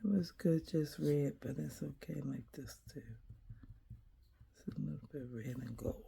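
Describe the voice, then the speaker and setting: Woman, dark gravelly voice, casual coloring narration, muttered asides and whispers. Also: low voice, a little hiss or hum. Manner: quiet, muttering to herself, drifting into whispers; unhurried and hesitant, thinking aloud. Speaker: coloring video creator.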